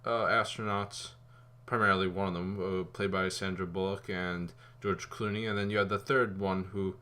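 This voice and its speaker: A man giving a casual spoken movie review, rambling and animated, with fillers and some swearing. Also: low voice, moderate pace.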